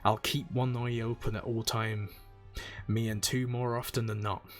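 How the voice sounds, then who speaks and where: A man voicing a gruff middle-aged tavern keeper with an exaggerated rough seafaring brogue, boisterous and long-winded. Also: fairly low pitch, unhurried, a bit bright, faint music behind. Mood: sly.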